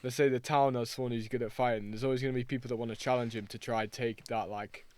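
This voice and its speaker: A man hosts a podcast with relaxed, easygoing questions that wander a little before landing. His voice is smooth and clear at a middle pitch. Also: fast. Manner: relaxed, asks rambling questions. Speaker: podcast host. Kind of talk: casual podcast chat.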